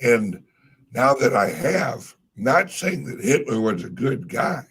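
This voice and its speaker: A man's voice: mid-range voice, sing-song, slow pace, fairly bright tone, breathy edge. A man in casual chat, rambling through stories, trailing off and swearing casually. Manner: laid-back storytelling. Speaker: podcast co-host.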